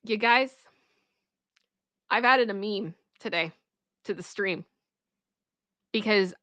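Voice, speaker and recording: A woman streamer reading a story aloud for the first time and breaking in with animated, exclaiming reactions. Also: medium pitch, slow, dry recording. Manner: animated, exclaiming reactions between read passages.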